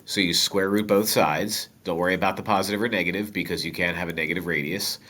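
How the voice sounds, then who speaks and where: A man's voice: deep voice, quick pace. A man with a nasal voice and a head cold, walking through a math lesson step by step and dropping jokes to the viewers. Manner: relaxed, joking asides to viewers. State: stuffy with a cold. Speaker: math teacher.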